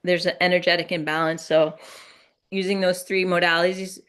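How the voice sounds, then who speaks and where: A woman explaining energy healing on a video call in a gentle, reassuring, unhurried way. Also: on the low side, flat delivery, clean tone. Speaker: guest energy healer. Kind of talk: casual explanation on a live call.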